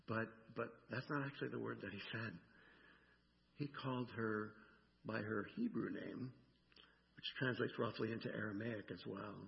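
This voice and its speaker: A male pastor gives a conversational sermon with a gravelly, mid-pitched voice. He keeps checking in with the listeners and acts out the lines he quotes. The sound is dull and rings with a long hall reverb.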